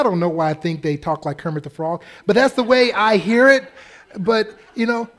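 A man's voice: sits high, normal speed, fairly bright tone. A man preaching a sermon as pastor, humorous and acting out the voices of the people in his stories. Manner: humorous, acts out quoted voices.

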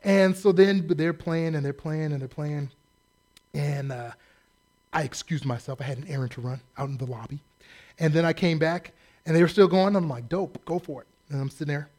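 A male pastor preaching a sermon in a blunt, sarcastic, animated storytelling manner. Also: fairly high pitch, moderate pace. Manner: animated storytelling with acted quotes.

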